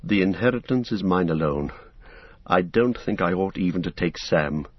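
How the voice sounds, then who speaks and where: A man voicing an earnest, serious young male hobbit in a measured, grave, thoughtful way while reading an audiobook. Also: deep voice, lively intonation, slightly rough, no room sound, voice pushed down. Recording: dull, dry recording.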